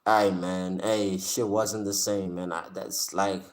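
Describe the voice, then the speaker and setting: A man's voice: low-pitched, little pitch movement, takes it slowly. A man from Africa, hosting a live stream and chatting casually with his viewers in a slangy, joking way. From South Africa. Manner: slangy, joking, talks straight to chat, often laughs. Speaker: live-stream host reacting with chat.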